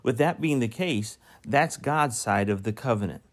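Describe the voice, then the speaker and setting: A man's voice: medium pitch, animated. Man preaching a sermon on scripture. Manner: reads scripture slowly, then preaches with rising emphasis and questions.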